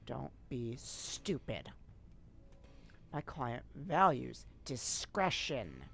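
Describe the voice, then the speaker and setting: A streamer voicing a tough, secretive troll girl from a game, speaking in a gruff, curt and irritable way. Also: mid-range voice, big pitch swings, very slow, fairly bright tone, faint music behind, voice pushed down, full character voice. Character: tough secretive female troll lurking in bushes.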